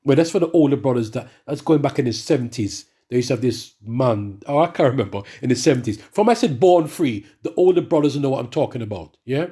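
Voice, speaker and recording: A middle-aged man ranting in a monologue and reading scripture to the brethren, animated and repetitive, often stumbling over restarts. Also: medium pitch, quick pace, few pauses, slightly rough. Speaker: religious speaker addressing the brethren.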